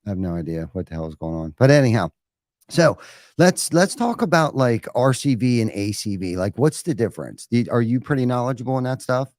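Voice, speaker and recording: A man's voice: medium pitch, lively intonation, brisk, darkish tone, no echo. Host dude ribbing his buddies, says bro a lot, dry close mic. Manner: joking, bro-talk banter. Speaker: podcast host. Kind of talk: casual live show hosting.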